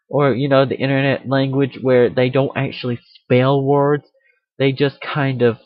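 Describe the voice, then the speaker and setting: With a husky mid-range voice, a video host rambles in a casual rant, cracking self-aware jokes as he goes. The sound comes from a computer mic and is dry and dull.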